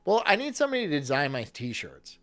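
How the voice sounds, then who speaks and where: A man's voice: a little high, huge pitch swings, fairly quick, a bit bright, soft background music. A man streaming live, chatting crudely and jokingly with his viewers and laughing often. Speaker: streamer reacting to a video. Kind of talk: casual livestream chat.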